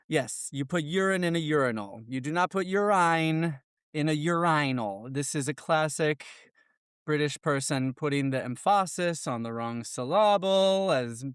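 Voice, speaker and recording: A man's voice: fairly high pitch, a little slow, clean tone, no echo, studio quality. An American man co-hosting a podcast, playful and mock-formal as he argues his case. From United States. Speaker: podcast co-host. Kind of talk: casual podcast chat.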